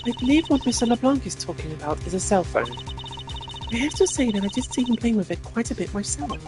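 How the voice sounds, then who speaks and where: A man's voice: very high voice, lively intonation, fast talker, pitched above the performer's own voice. A man voicing a nervous, stammering young female flight attendant, with game music behind.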